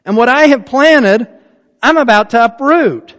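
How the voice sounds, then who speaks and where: A man voicing a stern God who scolds a complaining man, speaking emphatically, raised and loud. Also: very high-pitched, animated, a little slow, voice pushed up, full character voice. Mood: indignant. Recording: dull, echoey hall.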